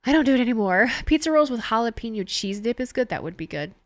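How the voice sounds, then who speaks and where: Her voice runs high and swings widely in pitch as she talks fast, recorded with no room sound. The young woman is live-streaming a wrestling show, chatting casually and laughing often as she reads viewers' messages.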